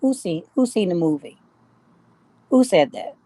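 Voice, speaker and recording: A woman's voice: on the low side, expressive, a little slow, mellow. A middle-aged woman, chatting casually with viewers on a live stream, greeting them by name and laughing often. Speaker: live-stream host of a jewelry shop.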